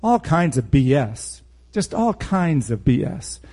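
A man's voice: a little high, big pitch swings, takes it slowly, warm tone, slightly rough. A man preaching a verse-by-verse Bible teaching sermon in a blunt, emphatic way, with sarcastic asides.

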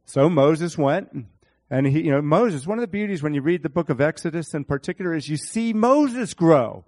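A man preaching a sermon, animated, speaking to his congregation by name and acting out Bible scenes in different voices. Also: on the high side, moderate pace.

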